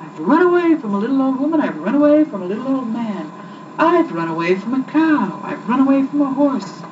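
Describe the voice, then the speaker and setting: A cocky little storybook gingerbread boy, put on by a woman reader, bragging in a high sing-song chant. His voice leaps up and down. It sounds muffled and far from the mic, with loud hiss behind. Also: expressive, moderate pace, close to an everyday voice. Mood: taunting. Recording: muffled distant recording with loud background hiss.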